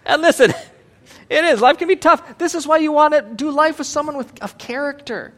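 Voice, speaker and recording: A middle-aged man preaching a sermon as a pastor, animated and joking, acting out voices as he goes. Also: very high-pitched, brisk.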